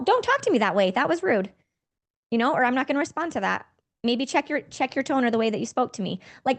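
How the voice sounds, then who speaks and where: A woman in her forties, hosting a podcast, telling a personal story in a candid, conversational way. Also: fairly high pitch. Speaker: podcast host.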